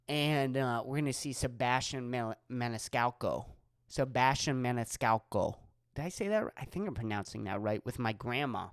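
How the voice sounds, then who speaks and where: On his own podcast, a young stand-up comic from Erie, Pennsylvania goes off on casual, swear-filled tangents packed with fillers. His medium-pitched voice has a clean tone and a normal speed. The recording is clean studio sound without any room reverb.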